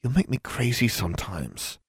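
Male narrator as worried teen roommate: high, tight, bossy. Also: very animated, moderate pace, creaky, husky, no room sound, clean studio sound, heavily acted. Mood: anxious. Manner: anxious, shrill and bossy. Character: nervous teenage girl roommate, fussy and practical.

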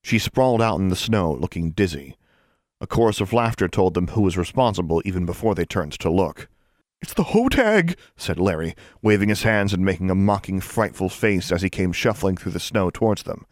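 A man narrating a fantasy story aloud with expressive storytelling. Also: low-pitched, fairly quick, dry recording, clean studio sound. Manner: expressive storytelling, shifts into character voices. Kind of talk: audiobook narration.

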